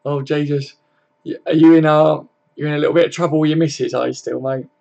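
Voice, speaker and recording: A man's voice: a little high, fairly even intonation, fast, vocal fry, darkish tone, lo-fi sound. A man hosting a casual live stream, chatting laid-back with viewers, greeting them by name and swearing freely.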